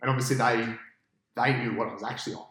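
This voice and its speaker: A cricket captain telling a long match story on a podcast, in a casual, animated way and with an Australian accent. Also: male voice, medium pitch, fast talker, roomy sound, poor audio. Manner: animated storyteller, acts out his own past thoughts.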